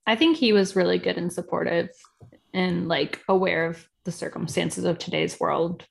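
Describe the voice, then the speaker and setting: A woman's voice: fairly low pitch, steady tone, normal speed, vocal fry. A woman from Puerto Rico co-hosting a casual podcast chat, talking in a chatty way full of fillers and asides. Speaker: podcast co-host. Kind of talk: casual chat about reality TV.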